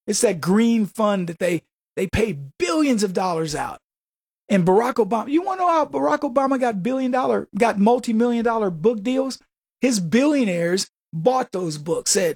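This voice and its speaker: A man's voice: high voice, expressive, moderate pace, darkish tone, no room sound. Man, radio host, political monologue, combative, sarcastic, rhetorical questions, dry studio sound.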